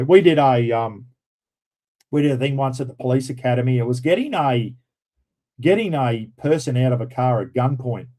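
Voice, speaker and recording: A man's voice: mid-range voice, warm tone, rough recording. A middle-aged Australian man hosting a casual livestream chat, blunt and swearing freely, calling viewers mate. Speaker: livestream host. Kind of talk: casual live-stream chat.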